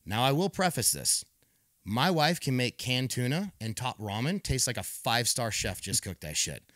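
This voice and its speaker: A man in his thirties speaks as a podcast guest, recounting hard times with earnest, emphatic energy. He stumbles and repeats words as he restarts, and voices other people's lines in his own voice. His voice sits at an ordinary pitch and sounds close and dry. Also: very animated, moderate pace, a bit bright, no room sound. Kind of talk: candid personal storytelling.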